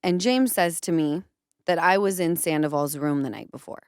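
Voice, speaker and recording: A woman in her thirties hosting a casual podcast, telling stories in an animated way and acting out what others said. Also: low-pitched, moderate pace, smooth, no room sound, studio quality. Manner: animated storytelling, acts out quotes. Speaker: podcast host.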